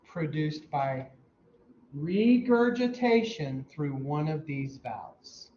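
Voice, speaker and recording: A man teaching a class, quizzing students and mimicking heart sounds out loud, heard in a dull, lo-fi classroom recording. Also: a little high, lively intonation, slow. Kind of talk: classroom lecture. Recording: dull lo-fi recording with faint hum.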